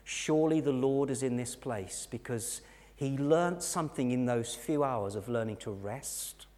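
A middle-aged English man preaching a sermon, telling a personal story earnestly and dropping to soft, intense moments. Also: on the low side. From England. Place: church hall. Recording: long hall reverb.

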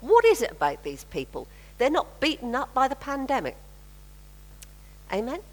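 An older woman delivers a sermon with a lively, swooping voice and frequent calls to her congregation. Her words ring out with a long hall reverb around them. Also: mid-range voice. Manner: lively preaching with call-and-response. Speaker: preacher. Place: church hall.

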